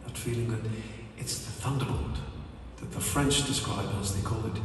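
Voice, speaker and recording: A man's voice: lowish voice, background noise. A male singer chatting to a live audience between songs in a rambling, joking way. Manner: joking, rambling chat with pauses. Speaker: singer on stage. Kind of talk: live concert stage banter. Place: large concert hall. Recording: echoey concert hall, distant mic, loud music.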